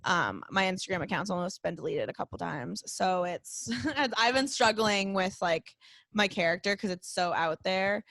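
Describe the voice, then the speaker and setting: A woman's voice: mid-range voice, expressive, normal speed, vocal fry, fairly bright tone, no room sound. A young adult woman, a comedian guest on a podcast, talking frankly and casually with lots of filler words. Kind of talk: casual chat.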